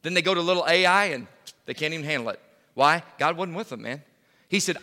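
A middle-aged man preaching a sermon as pastor, emphatic, swinging from loud to hushed. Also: a little high, animated, a little fast, in a large hall. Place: church.

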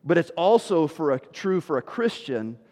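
A man in his forties preaching a sermon as pastor, animated, acting out what people say. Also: fairly high pitch, normal speed, big-room sound. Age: 40s. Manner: animated preaching, quoting people in put-on voices.

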